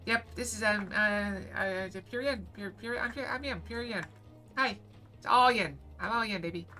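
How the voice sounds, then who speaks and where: Bubbly fast-talking woman streamer. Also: fairly high pitch, sharp tone, soft background music. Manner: reads game dialogue aloud. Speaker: game streamer. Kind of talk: casual live-stream chat while gaming.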